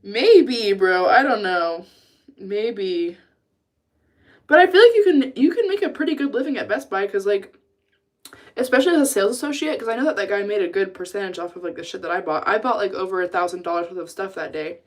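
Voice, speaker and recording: A woman's voice: mid-range voice, lively intonation, brisk. Casting: young adult woman, casual livestreamer, chatty and profane, reacting to chat. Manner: chatty, swears freely, vents and answers chat.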